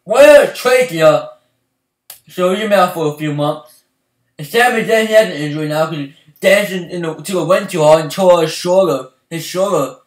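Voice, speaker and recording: A young man ranting as a fan vlogger, swinging from loud outbursts to low mumbling. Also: normal speed, recorded from a distance. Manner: excitable, swings from shouting to mumbling. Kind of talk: heated ranting. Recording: echoey room, voice off-mic.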